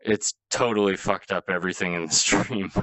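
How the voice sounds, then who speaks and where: A man's voice: deep voice, fairly even intonation, moderate pace, fairly bright tone. A man streaming a game live, chatting casually with viewers, exasperated and swearing often as he laughs between lines.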